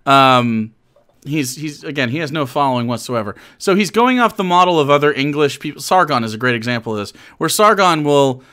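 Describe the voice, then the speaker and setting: A man's voice: on the high side, bright, forceful tone, clear, resonant tone. A man streaming live and commenting casually, chatty and mocking, often laughing and restarting his sentences.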